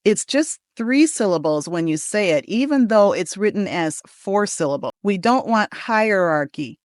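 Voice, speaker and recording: An American woman, a pronunciation coach, leading an upbeat lesson and saying model words slowly and deliberately for the listener to repeat. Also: mid-range voice, lively intonation, darkish tone, dry recording, studio quality.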